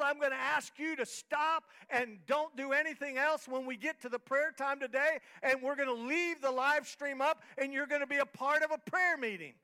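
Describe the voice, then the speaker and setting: A man pastor preaching a sermon in a church, moving from soft talk to shouted, rhythmic, repeated lines. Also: extremely high pitch. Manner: repetitive, rhythmic emphatic phrasing. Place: church hall, live-streamed service.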